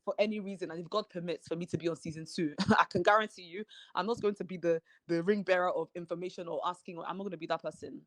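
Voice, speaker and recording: A woman with a somewhat low voice talks as a guest in a relaxed interview. The sound is dry and close, coming through a video call. She is chatty and leans on fillers like "you know". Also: quick pace, few pauses, dry recording. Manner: talkative, sprinkles in "you know" and "like". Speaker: reality show cast member as guest. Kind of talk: casual interview chat.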